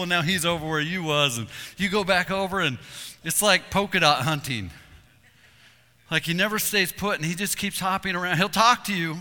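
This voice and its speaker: A man delivers a sermon and tells hunting stories in a very bright, slightly high voice. He is animated and acts out calls and voices as he goes. His words ring with the long reverb of a hall. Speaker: preacher.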